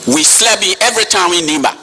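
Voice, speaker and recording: Liberian man, 50s, impassioned witness addressing a chairman; sharp bright tone. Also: sits high, fast talker, slight background noise. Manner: forceful, repeats key words for emphasis, addresses the chairman. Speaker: witness giving testimony. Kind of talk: impassioned public testimony. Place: hall.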